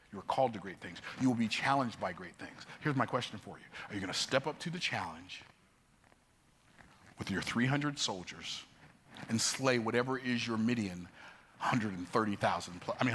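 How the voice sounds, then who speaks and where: A man telling life stories in an emphatic, preacher-like motivational talk, building up and jumping into sudden high bursts. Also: fairly bright tone, a little hiss or hum. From United States. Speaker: motivational speaker.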